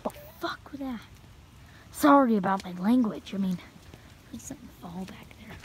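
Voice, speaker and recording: A woman's voice: medium pitch, normal speed, a little hiss or hum, rough recording. A woman vlogging alone as she walks a wooded trail, jumpy and swearing often, recorded on a handheld phone. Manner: jumpy, swears often, mutters half under her breath. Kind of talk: nervous solo walking vlog. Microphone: phone held in hand.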